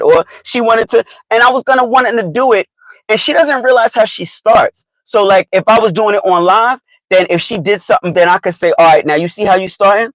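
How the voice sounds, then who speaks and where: A man's voice: sits high, dry recording, rough recording. A man from New Jersey with a New Jersey accent, chatting casually and animatedly with viewers on a live stream. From New Jersey, United States. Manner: animated, chatty, addresses viewers directly, laughs often.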